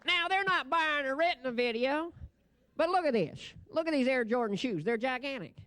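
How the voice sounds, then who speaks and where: A man's voice: very high voice, animated, moderate pace, pushed and bright, dry recording. A man giving a comic, ad-libbed stage presentation at a convention. He talks into a podium microphone, rambles brashly and laughs at his own jokes.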